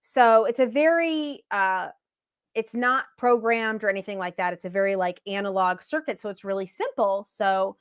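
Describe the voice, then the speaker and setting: A woman guest on a casual livestream video call, telling animated, swear-laden stories about her paranormal gear. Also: mid-range voice, clean tone. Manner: animated, swearing, quick storytelling with laughs. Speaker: paranormal equipment maker, guest.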